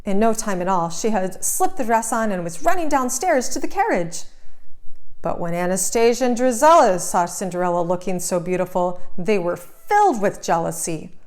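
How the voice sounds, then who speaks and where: A woman narrating a children's storybook aloud, clear, gentle and expressive. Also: medium pitch, normal speed.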